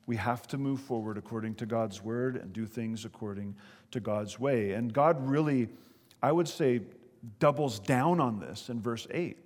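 A man preaching a sermon as pastor, earnest, reading scripture aloud slowly and emphatically. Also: mid-range voice, darkish tone, in a large hall.

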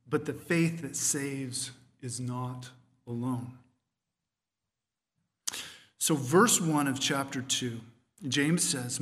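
A man's voice: medium pitch, fairly bright tone, in a large hall. A man teaching verse by verse through a Bible letter in an emphatic sermon style, often checking in with "okay?". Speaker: preacher.

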